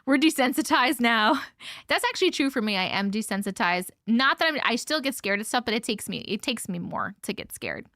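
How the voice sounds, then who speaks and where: A woman's voice: fairly high pitch, animated, brisk, bright, forceful tone, no room sound, clean studio sound. A woman hosting a livestream, chatting casually, laughing often and swearing now and then while she reads viewer stories aloud. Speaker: host reading viewer stories. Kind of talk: casual livestream chat and story reading.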